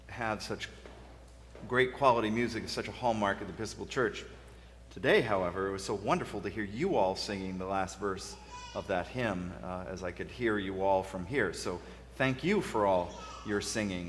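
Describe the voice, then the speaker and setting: A man's voice: on the low side, fairly bright tone, slight background noise. A male interim pastor preaching a sermon in a church sanctuary, telling stories in a conversational way with frequent restarts. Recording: long church reverb.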